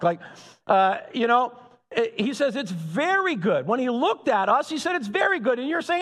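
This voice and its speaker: Animated preaching man in a reverberant hall. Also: very high voice, normal speed. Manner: animated preaching with rising emphatic peaks. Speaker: pastor. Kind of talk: sermon.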